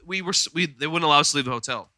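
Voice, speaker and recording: A man with a slightly high, sharp voice races through rambling, filler-heavy stories while co-hosting a casual podcast. The studio podcast mic picks up no room sound.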